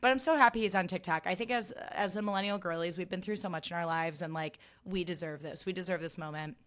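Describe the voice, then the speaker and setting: A woman's voice: fairly low pitch, fast talker, fairly bright tone. A woman in her thirties hosting a solo podcast, rambling casually with lots of "like" and free swearing. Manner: gushy, rambling, heavy on "like", swears freely. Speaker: podcast host.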